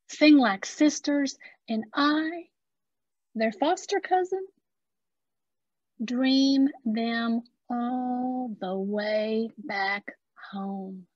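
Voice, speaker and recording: A poet, a woman with an Appalachian accent, performs spoken-word poetry slowly and deliberately, leaving dramatic pauses. Her voice sits on the high side, and the recording is dry and dull.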